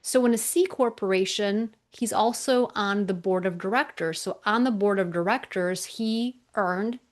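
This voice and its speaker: Woman, tax accountant, recorded presentation, emphatic, energetic, rhetorical questions. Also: medium pitch, measured pace.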